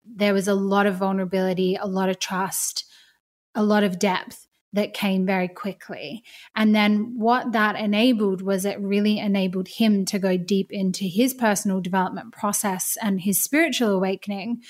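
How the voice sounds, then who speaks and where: A woman's voice: mid-range voice, steady tone, normal speed. A woman guest on a podcast, sharing her experience in an open, reflective and casual way. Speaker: podcast guest, business owner. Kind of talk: casual interview chat.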